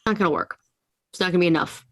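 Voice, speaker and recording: A woman playing her character in a live tabletop game, quick, wry and emphatic. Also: fairly low pitch, no echo. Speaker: player. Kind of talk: casual in-character play.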